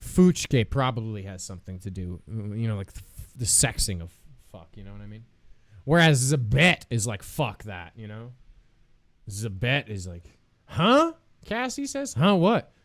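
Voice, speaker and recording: A man's voice: on the low side, animated, normal speed, no echo. A man streaming live, chatting casually with viewers in a playful, joking way, laughing often and swearing freely.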